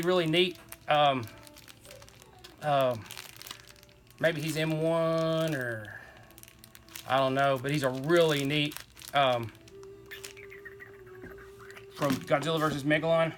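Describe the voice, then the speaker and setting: Bright, chatty man. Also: on the high side. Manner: rambling, enthusiastic, folksy. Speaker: toy collector host. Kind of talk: casual show-and-tell chat.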